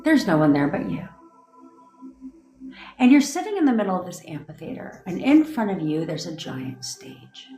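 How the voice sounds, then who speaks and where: Woman softly guiding a meditation. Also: lowish voice, very animated, echoey room, faint music behind, rough recording. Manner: slow, soothing, hushed. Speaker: manifestation coach. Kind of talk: guided meditation.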